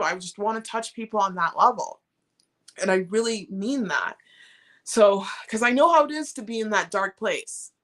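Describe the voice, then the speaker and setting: A middle-aged woman with a bright, forceful voice hosts a casual live stream, talking straight to her viewers. She greets people by name and answers their comments warmly and with encouragement. Her voice is picked up by a plain webcam or phone mic. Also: a little high. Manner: warm, encouraging, reads chat comments aloud.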